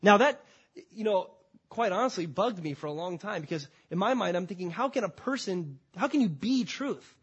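Man, preacher, sermon in church, husky tone, raised pitch, emphatic and dynamic. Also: expressive, lo-fi sound. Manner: emphatic, swings from loud declarations to quiet drawn-out phrases. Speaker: pastor. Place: church before a congregation.

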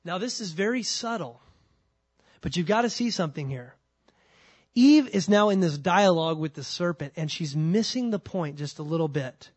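Man, pastor, sermon, high voice, emphatic, repeats words, reads scripture slowly. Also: animated, husky. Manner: emphatic, repeats words when starting a thought.

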